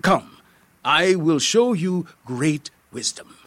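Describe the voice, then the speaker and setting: A man's voice: on the high side, lively intonation, slow, a bit bright, dry recording, exaggerated voice. A man voicing an anxious performer playing a solemn spiritual guide, with stilted, theatrical delivery that turns to pleading. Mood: earnest.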